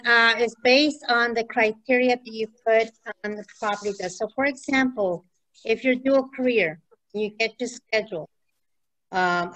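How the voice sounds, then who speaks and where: A woman leading a casual real estate training session, chatty and quick to laugh. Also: medium pitch, fairly bright tone, rough recording.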